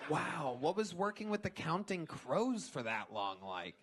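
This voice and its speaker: High-voiced teasing comedy show host. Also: male voice, a bit bright, breathy edge. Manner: laughing, teasing interviewer. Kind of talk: live comedy show hosting. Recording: live club recording with crowd.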